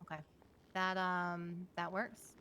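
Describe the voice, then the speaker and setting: Woman, low pitch, roleplay judge, hesitant, halting. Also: completely flat delivery, sharp tone, clean tone. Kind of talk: in-character roleplay over game voice chat.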